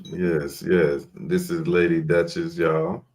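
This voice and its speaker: A man's voice: low-pitched, level tone, slow, a little mellow. A man talking casually about his pet snake on a podcast video call, easygoing and polite. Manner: easygoing, polite, says yes ma'am. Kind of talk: casual chat.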